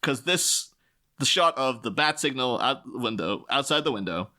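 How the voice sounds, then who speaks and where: A man's voice: medium pitch, expressive, normal speed, sharp tone. A man co-hosting a podcast, chatting casually about a film, rambling with many fillers and frequent laughs. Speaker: podcast co-host. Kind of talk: casual film commentary chat.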